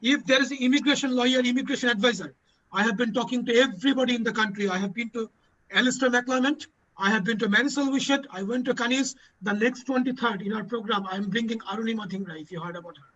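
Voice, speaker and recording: Male panel host, high bright voice, emotional, dull lo-fi audio. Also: fast. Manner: emotional, repeats lines for emphasis. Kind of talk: impassioned advocacy speech.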